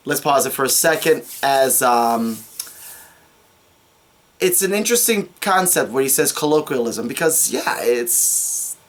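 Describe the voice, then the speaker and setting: A woman ranting through a casual video commentary, exasperated and repeating her points. She talks with plain everyday emphasis, sometimes stopping to critique her own work. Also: deep voice.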